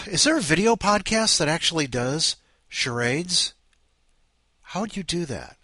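A man's voice: fairly high pitch, big pitch swings, measured pace, pushed and bright, no room sound. A man hosting a story podcast, chatting in a rambling, self-mocking, joking way. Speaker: podcast host. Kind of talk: casual rambling chat.

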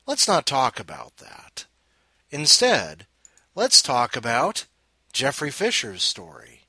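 A man's voice: medium pitch, wildly swooping pitch, takes it slowly, sharp tone, slightly rough, no echo. A man hosting a podcast with a blunt, profane, sardonic manner, sounding sick and tired. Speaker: podcast host. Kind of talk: casual monologue.

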